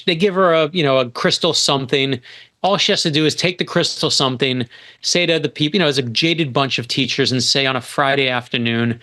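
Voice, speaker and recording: A middle-aged man from New York, a guest author telling a story on a podcast in an animated, emphatic way, often restarting his sentences. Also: medium pitch, brisk.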